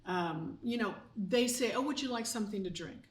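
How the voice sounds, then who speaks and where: A woman's voice: medium pitch, expressive, normal speed. Chatty woman host in an echoey room. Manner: chatty, acts out little dialogues. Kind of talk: casual chat. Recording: echoey room, mic at a distance.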